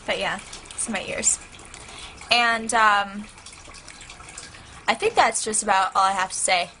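Teen girl vlogger, crisp bright tone, gushing and rambling, soft aquarium filter hum behind her. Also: mid-range voice, slow, low-quality recording. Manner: excitable, rambling, heavy use of "like". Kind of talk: casual chat to camera. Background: turtle tank filter hum.

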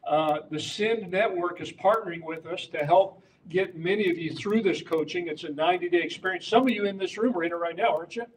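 A man's voice: sits high, a little fast, far from the mic, a little hiss or hum, rough recording. A man teaching fellow pastors about prayer at a live conference, emphatic and full of rhetorical questions. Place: conference room with audience.

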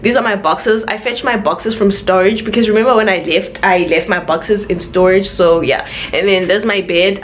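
Young woman vlogger, slightly low voice, chatty and filler-heavy. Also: a little hiss or hum. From South Africa. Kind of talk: casual chat to camera. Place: university residence room.

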